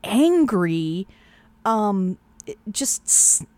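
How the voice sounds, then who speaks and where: A woman co-hosting a casual podcast chat, animated, laughing often and swearing freely. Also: mid-range voice, very slow, no room sound. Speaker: podcast co-host.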